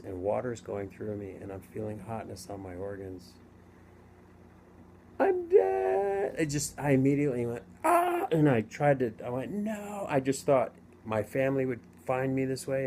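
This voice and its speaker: Middle-aged guy rambling thru his story, lowish mellow voice, faint room hum. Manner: rambling, halting, with many restarts. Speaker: vlogger telling his near-death story. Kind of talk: casual storytelling to camera.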